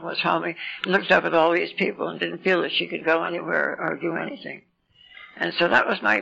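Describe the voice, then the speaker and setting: An elderly woman in her eighties with a deeply gravelly voice and a bright, sharp edge tells her life story at a recovery meeting. She rambles and pokes fun at herself with wry asides. The sound is dull and lo-fi, like an old meeting tape. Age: 80s. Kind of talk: personal recovery story talk.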